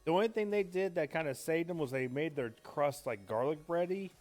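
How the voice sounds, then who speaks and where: A man's slightly high voice comes through fairly quickly as he streams a game and chats casually. The talk wanders, the swearing is frequent, the mood is excitable, and faint game music plays in the background.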